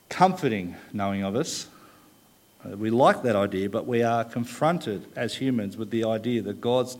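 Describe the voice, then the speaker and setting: A man preaching a sermon, thoughtful, pausing often with "uh" and leaning hard on key words. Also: lowish voice, a little mellow. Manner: thoughtful, frequent "uh" pauses, leans on key words.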